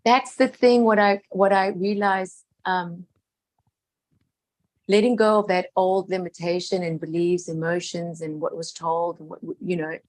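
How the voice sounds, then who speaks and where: A woman telling a heartfelt personal story in an earnest, emotional way. She repeats phrases, laughs softly, and often drops to a hushed voice. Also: fairly low pitch, fairly even intonation, measured pace, slight background noise.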